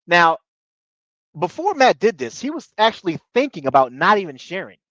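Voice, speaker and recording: A man's voice: high-pitched, big pitch swings, normal speed, fairly bright tone, no room sound. A man with a slightly raised voice talks through a TV episode in a loose, rambling way, circling back on his words and tossing in filler phrases. The recording is dull and lo-fi, and very dry, with no room sound. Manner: rambling, repeats himself, fillers like "you know what I mean". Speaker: TV show reviewer. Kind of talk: casual episode recap.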